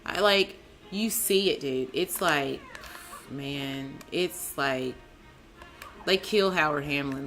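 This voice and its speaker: A woman hosting a casual TV recap, excitable and chatty, calling out to her co-host and viewers with lots of "like", "man" and "dude". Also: low-pitched, takes it slowly, long pauses, soft background music. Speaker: TV show reviewer, channel host.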